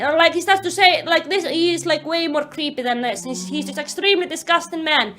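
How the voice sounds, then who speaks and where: Brief: young woman, high voice, casual recap vlogger, animated and exasperated. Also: brisk, few pauses. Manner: animated, exasperated, filler-heavy retelling. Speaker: YouTube commentator. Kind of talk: casual book-recap commentary.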